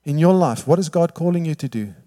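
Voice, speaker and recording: A man preaching a sermon, telling the story lively, acting out the quotes and often asking "all right?". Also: on the high side, fairly quick. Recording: long hall reverb.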